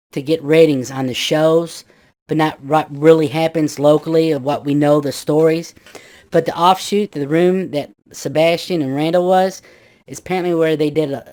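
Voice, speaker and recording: A man's voice: fairly high pitch, darkish tone. A man in his fifties casually telling a ghost story from his youth, rambling with restarts and acting out his friends' voices.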